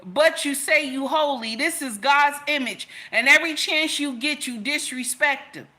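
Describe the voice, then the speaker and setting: A woman with a high voice and a sharp tone delivers an impassioned rant straight to camera at a moderate pace. As a commentator, she scolds her audience and repeats herself for emphasis.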